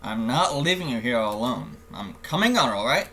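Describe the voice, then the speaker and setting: A man's voice: medium pitch, big pitch swings, normal speed, creaky, sharp tone, a little hiss or hum, full character voice. A man reading a visual novel aloud, voicing a caring, worried teenage boy in an earnest, insistent way close to his own voice.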